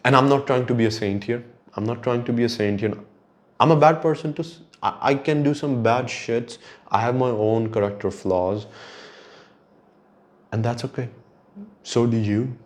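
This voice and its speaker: A man's voice: mid-range voice, fairly even intonation, moderate pace, long pauses. A young man hosting a podcast, talking in a reflective, rambling monologue and swearing casually. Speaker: podcast host.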